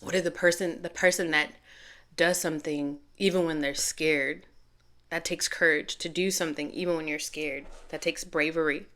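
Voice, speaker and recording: A woman's voice: deep voice, steady tone, moderate pace, fairly bright tone. A middle-aged woman giving a channeled tarot reading to camera, earnest and rambling, correcting herself as she goes. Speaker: tarot reader.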